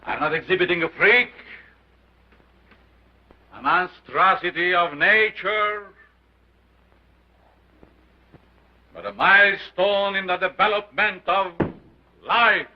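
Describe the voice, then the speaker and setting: A man's voice: high-pitched, lively intonation, unhurried. An actor playing a commanding showman doctor with an unusual foreign accent, declaiming to a crowd in 1930s film style. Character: sinister male showman doctor, grandiose and commanding. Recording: dull old film soundtrack with hiss.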